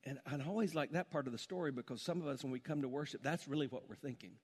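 A male pastor preaching a sermon with rhetorical questions and touches of humor, dropping to a soft, low voice in prayer. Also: fast talker, slightly rough, long reverb tail.

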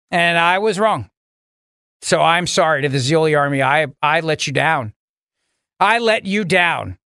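Joking high-voiced male radio host. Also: lively intonation, moderate pace, sharp tone, no echo, clean studio sound. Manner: jokey mock-dramatic banter. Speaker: radio talk show host. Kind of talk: casual radio chat.

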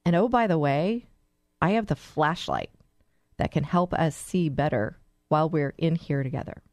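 A woman voicing a calm, confident coach in a story she tells, speaking in a reassuring, upbeat way. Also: low-pitched, normal speed, no room sound, clean studio sound.

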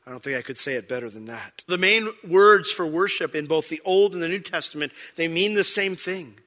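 A man's voice: fairly high pitch, expressive, brisk, pushed and bright. A man preaching a sermon as pastor, conversational and emphatic.

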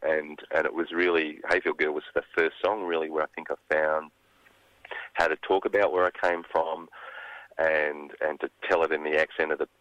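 A very deep-voiced Australian man speaks as a songwriter guest in a radio interview. He talks in a thoughtful, halting way and often restarts his sentences. The sound is dull and dry, like a dead studio booth. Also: level tone, dry recording. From Gippsland, Australia.

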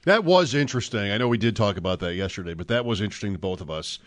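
A man's voice: on the low side, expressive, rapid-fire, no room sound. A man co-hosting a sports talk show, chatting casually, asking questions and mimicking what coaches and players might say. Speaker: sports podcast co-host.

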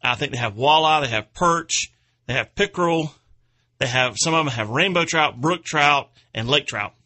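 Bright-voiced folksy man rambling on air. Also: fairly high pitch, normal speed. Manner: rambling, folksy, chuckles at his own stories. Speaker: outdoors radio show host. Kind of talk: casual radio chat.

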